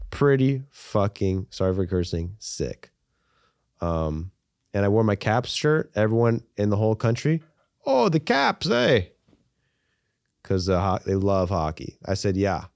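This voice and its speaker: Low-voiced joking podcast co-host, man. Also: a little mellow, no room sound, studio quality. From United States. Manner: joking, rambling, swears freely. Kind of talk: casual sports chat.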